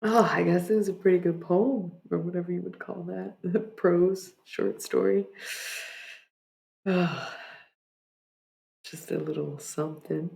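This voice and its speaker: A livestreamer who reads their own poetic prose aloud in a slow, dreamy way, then chats softly and rambles. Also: medium pitch, fairly even intonation, creaky. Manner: dreamy, deliberate reading; soft, rambling chat with many "like"s.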